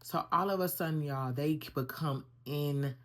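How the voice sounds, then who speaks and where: A young woman vlogger telling a personal story in a casual, animated way, talking straight to her viewers. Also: low voice, moderate pace. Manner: animated, conversational, addresses viewers as y'all.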